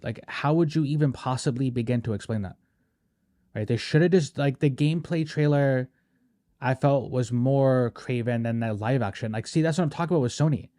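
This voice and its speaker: A man's voice: mid-range voice, mellow, no echo, clean studio sound. A man hosting a podcast, chatting casually and animatedly, peppering his talk with "bro" and "right?". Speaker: podcast host. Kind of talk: casual chat.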